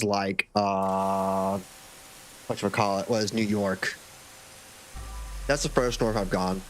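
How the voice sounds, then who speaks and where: Young male streamer from Florida, mid-pitched, loose and jokey, slight hiss. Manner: rambling, joking, swears casually. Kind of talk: casual live-stream chat. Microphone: desk microphone.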